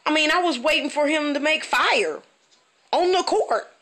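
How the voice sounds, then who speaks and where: Woman, 30s, from the northern Midwest, stand-up comic, animated, incredulous, rhetorical questions, brightish higher voice. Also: normal speed. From northern United States, Midwest. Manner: conversational, checks in with the audience. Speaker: comedian. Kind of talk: stand-up comedy monologue.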